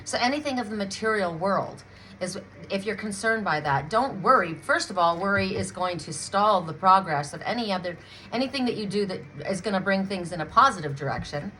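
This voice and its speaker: A middle-aged woman from Canada talks through a spiritual card reading in a loose, emotional, chatty way. Her voice is bright and clear, and she often restarts her sentences. A faint hum of room noise sits behind her. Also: mid-range voice, expressive, brisk, poor audio. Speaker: tarot card reader.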